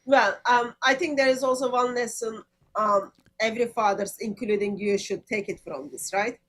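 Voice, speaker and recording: A female co-host chatting through a reaction video in an animated, teasing way. Her voice is bright and a bit high. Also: normal speed. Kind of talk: casual reaction commentary.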